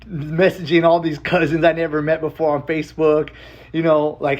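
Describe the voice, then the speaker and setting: A man telling a personal story in a casual, rambling way, full of filler words and swearing, emotional and excited. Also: fairly high pitch, normal speed, lo-fi sound. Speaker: vlogger.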